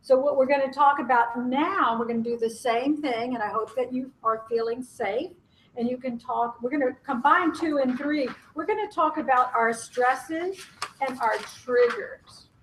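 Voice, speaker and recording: A fairly high-voiced woman leading a group workshop in a loose, conversational way. She is frank about herself and jokes at her own expense, breaking into laughs often. A faint hiss sits under her voice. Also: moderate pace, poor audio. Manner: candid, self-deprecating, laughs often. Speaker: workshop facilitator. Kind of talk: conference workshop facilitation.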